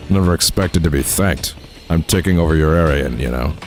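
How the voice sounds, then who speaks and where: A man plays a gruff yakuza man in a very deep, low voice. He speaks bluntly and tersely, with flat disapproval, over faint music. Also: fairly quick. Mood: stern.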